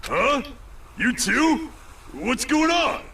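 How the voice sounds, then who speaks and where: A booming gravelly strongman. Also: sing-song, extremely slow, slight background noise, heavily acted. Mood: boisterous. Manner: shouting, laughing heartily. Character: hulking loud male team manager, boisterous. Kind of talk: game dialogue read aloud. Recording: music playing behind.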